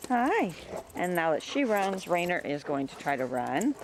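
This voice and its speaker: A woman's voice: animated, normal speed, noisy background. Chatty woman showing off her dogs. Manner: chatty, calls out to dogs in a high sing-song. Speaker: dog breeder. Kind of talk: casual home video narration. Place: outdoors in a yard with dogs.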